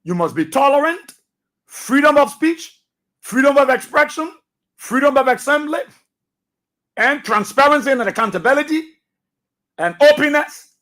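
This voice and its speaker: A man's voice: extremely high pitch, animated, normal speed, pauses often, a bit bright. A man with a Liberian English accent hosting a radio talk show, delivering emphatic commentary with repeated phrases and rhetorical questions. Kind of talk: commentary monologue. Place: radio studio.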